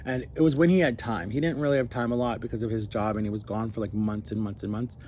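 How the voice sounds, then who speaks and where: A man's voice: on the low side, fast, a little hiss or hum. Young man rambling through a story. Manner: rambling, animated, acts out quoted voices. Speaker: vlogger. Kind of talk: casual storytelling.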